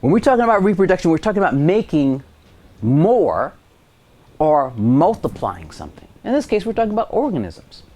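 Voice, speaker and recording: A middle-aged man teaching a high school science lesson on TV in a casual, joking, conversational way. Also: big pitch swings, fairly quick, warm tone. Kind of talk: televised classroom lesson.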